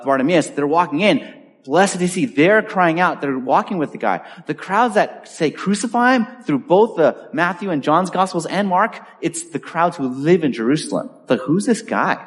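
A man in a church preaches in a chatty, storytelling way, slipping into little acted-out voices for the people in his story. His voice sits a bit high and rises and falls expressively. The sound rings out with a long hall reverb. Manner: animated, conversational storytelling with acted-out quotes. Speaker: pastor. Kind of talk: sermon.

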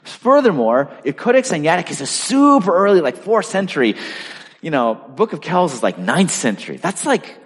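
A man preaching a sermon in a conversational style, full of asides and lively storytelling. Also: fairly high pitch, normal speed, breathy edge, long reverb tail. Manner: animated, conversational, lots of asides. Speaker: pastor.

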